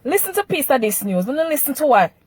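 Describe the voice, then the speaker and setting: A Jamaican woman talks back to a news clip, pressing her point and slipping into local dialect as she pleads. Her voice sits very high, and the recording is close and completely dry, with no room sound at all. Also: sing-song, quick pace, no room sound. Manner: emphatic, pleading, dialect-rich. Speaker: vlogger.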